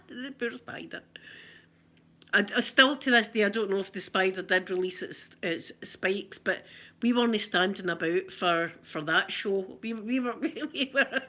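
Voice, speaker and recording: A middle-aged Scottish woman who makes ASMR videos chats through funny memories in a casual clip, giggling often and telling anecdotes. Her mid-range voice sounds pushed and bright.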